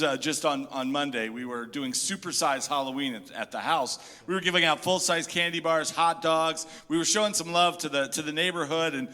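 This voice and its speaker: Guy pastor preaching, animated storyteller, kinda high voice, echoey room. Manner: animated storyteller, jokey asides. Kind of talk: sermon with humorous storytelling. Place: church hall. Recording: echoey hall.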